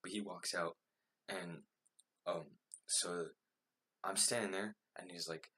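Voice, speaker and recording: A young man with a low, husky voice tells a story from his own life, rambling and leaning on fillers. He mocks himself along the way, and his sound stays forceful and bright despite the low pitch. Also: steady tone, slow. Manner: rambling, filler-heavy, self-mocking. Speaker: vlogger. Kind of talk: casual storytelling.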